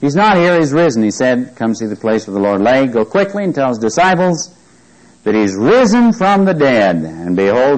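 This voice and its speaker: A man's voice: medium pitch, very animated, normal speed, a little mellow, rough recording. A man teaching a Bible study, reading scripture aloud with emphasis and often checking whether listeners follow him. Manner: asks the listeners questions often.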